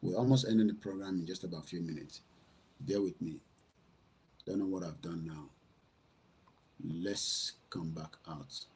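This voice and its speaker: A man's voice: deep voice, normal speed, pauses often, darkish tone, breathy edge. A middle-aged man with a Nigerian accent hosting a casual livestream from home, rambling and slipping between English, Yoruba and Pidgin. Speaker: livestream host.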